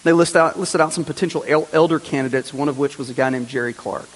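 A man's voice: on the high side, quick pace. A man preaching a sermon to his congregation, earnest, with repeated phrases and rhetorical questions. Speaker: pastor. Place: church sanctuary. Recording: long reverb, faint hiss.

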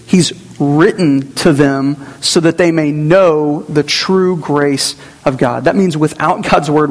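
Man, pastor, conversational sermon, slightly high voice, long hall reverb. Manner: conversational preaching with personal asides.

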